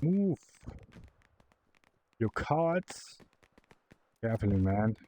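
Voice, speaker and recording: A young man giving live commentary while playing a game, excitable and swearing as he yells at the bots. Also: lowish voice, slow, poor audio. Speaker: VR gameplay creator.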